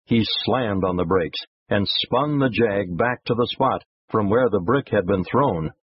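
A man narrating a moral story in an expressive storytelling manner. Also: fairly low pitch, a little slow, husky, dry recording. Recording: dull lo-fi recording.

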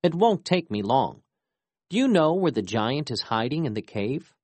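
A storyteller voicing a boastful male coyote trickster, eager and quick to brag. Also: medium pitch, big pitch swings, a little mellow, no room sound.

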